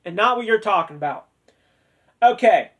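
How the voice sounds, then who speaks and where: A man's voice: sits high, expressive, normal speed, fairly bright tone. A man hosting a casual discussion, chatty and joking with playful sarcasm, turning sincere and sentimental when speaking of family. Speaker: host of a discussion video. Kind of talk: casual chat.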